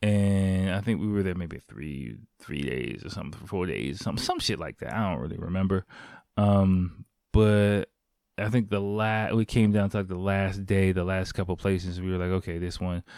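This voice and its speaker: Man, thirties, lowish voice, loose rambling storyteller who swears offhand, dry close mic. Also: normal speed, a little mellow, clear, resonant tone, no echo. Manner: rambling, swears casually, many fillers and restarts. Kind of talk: casual storytelling.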